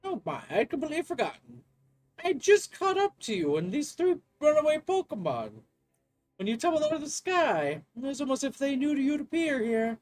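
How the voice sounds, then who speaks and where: A man voicing a fussy, genteel old-fashioned male professor with a put-on posh accent, talking high and chirpy. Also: sing-song, normal speed, faint music behind.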